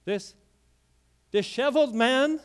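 A man preaching a sermon through a story, swinging from hushed lines to loud, emphatic peaks. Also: very high-pitched, slow, smooth.

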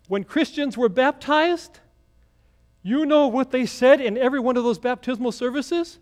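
Male pastor, higher voice, storytelling sermon with chatty asides. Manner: storytelling, conversational asides to the congregation.

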